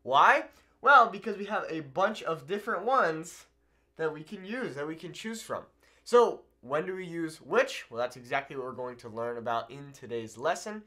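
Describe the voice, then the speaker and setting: A man teaching a video language lesson at a board, upbeat and animated, checking in often with the viewer. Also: a little high, moderate pace. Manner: upbeat, animated, keeps asking "okay?". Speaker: Spanish teacher.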